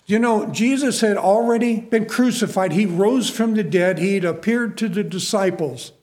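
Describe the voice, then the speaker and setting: A man's voice: high voice, normal speed, darkish tone. A middle-aged man preaching a sermon in a conversational, self-deprecating way, full of asides to the listeners.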